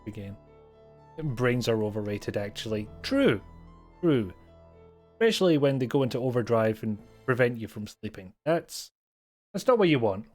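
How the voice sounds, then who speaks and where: A Scottish man streaming from home, chatting loosely with his viewers into a desk mic. His talk rambles, he pokes fun at himself, and he chuckles along the way. His voice sits at an ordinary middle pitch. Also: sing-song, moderate pace, long pauses, faint music behind. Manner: rambling, self-mocking, chuckles often. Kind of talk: casual live-stream chat.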